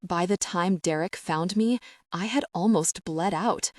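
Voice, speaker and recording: A woman's voice: on the low side, a little slow, no room sound, clean studio sound, natural voice. A woman reading the lines of an anguished young man confessing old trauma, in a strained, choked voice. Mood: broken. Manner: strained, choked, hissing delivery. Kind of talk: audiobook character reading.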